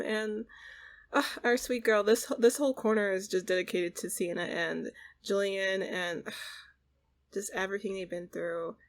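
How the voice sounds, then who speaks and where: A young adult woman hosting a life-sim gaming video in casual let's-play commentary, rambling, laughing often and getting sentimental as she talks. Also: medium pitch. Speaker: gaming channel host.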